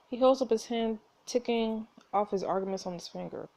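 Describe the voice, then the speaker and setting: A woman reading a story game aloud in a playful, animated way as narrator. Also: fairly high pitch, brisk. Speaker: gameplay narrator.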